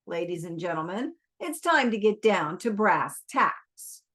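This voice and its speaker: A blunt, commanding army general barks out his orders in a slow, deliberate delivery, read aloud by a woman. It sounds like an audiobook reading. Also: on the low side, sing-song, fairly bright tone. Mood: curt. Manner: curt and commanding. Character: gruff blunt army general, middle-aged man.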